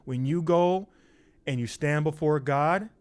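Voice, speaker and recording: Man, informal preacher, slightly high voice, slow and emphatic delivery, repeats for effect. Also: a little mellow, clean tone. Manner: emphatic, repeats lines, acts out quoted excuses in a higher voice. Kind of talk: informal sermon.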